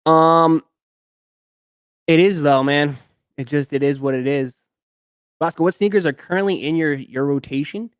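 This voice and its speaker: A man's voice: on the high side, normal speed, pauses often, smooth, no echo, studio quality. A young man hosting a live stream, chatting casually and telling a long rambling story with lots of fillers. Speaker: sneaker live stream host.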